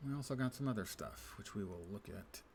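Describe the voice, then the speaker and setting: A man with a gravelly, expressive voice on the low side streams a game live, speaking a little fast. In casual commentary, he talks wryly to himself and reads quest text aloud, and there's background noise.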